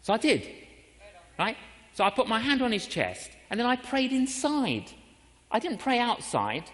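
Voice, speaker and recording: A man preaching a storytelling sermon, animated, acting out the voices and inner prayers in his story. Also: extremely high pitch, a little slow, in a large hall. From England.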